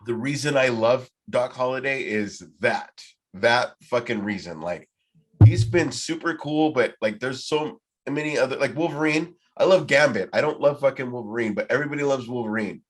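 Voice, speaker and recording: A man's voice: medium pitch, moderate pace. A man hosting a casual podcast trivia night, rambling and swearing freely as he talks. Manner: rambling, heavy swearing, loose and profane. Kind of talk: casual group chat.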